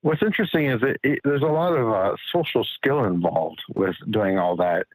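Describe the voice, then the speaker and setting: A man's voice: on the low side, animated, moderate pace, slight background noise, rough recording. A man calling in to a show, chatting casually and sharing his own parenting habits. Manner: agreeable, chimes in with short replies. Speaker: caller. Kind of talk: casual chat.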